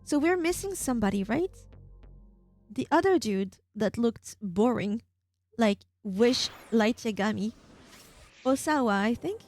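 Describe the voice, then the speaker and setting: A woman's voice: fairly high pitch, measured pace, soft background music. Young woman reading a game aloud. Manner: expressive narration, casual asides. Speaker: streamer.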